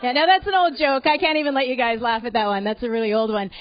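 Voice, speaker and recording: Brash crowd-teasing female comic from Alberta, high voice, dry lo-fi sound. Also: steady tone, quick pace. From Alberta, Canada. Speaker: stand-up comedian. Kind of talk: stand-up comedy set. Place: comedy club. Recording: dull lo-fi live recording.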